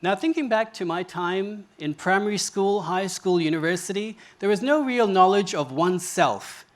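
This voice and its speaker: A man's voice: high-pitched, moderate pace. A man giving a stage talk, telling a story with quoted dialogue in an earnest way. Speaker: speaker. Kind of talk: public talk. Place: stage before an audience.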